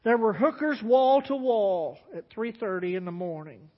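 A man preaching a sermon as a pastor, telling a story in an animated way, acting out voices. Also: high voice, moderate pace. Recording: dull sound with long hall reverb.

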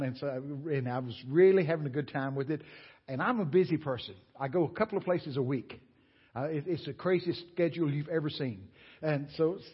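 A man with a fairly high, husky voice preaches as a guest in a large church sanctuary. His sermon is folksy and exclamatory, full of animated stories for the congregation, captured on a dull, lo-fi church recording.

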